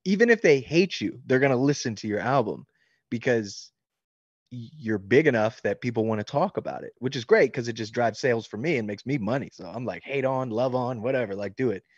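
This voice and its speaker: A man's voice: medium pitch, expressive, fairly quick, husky, dry recording, lo-fi sound. A man chatting candidly at a book signing, joking and swearing freely while he signs books. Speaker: author answering fan questions. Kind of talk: casual interview chat.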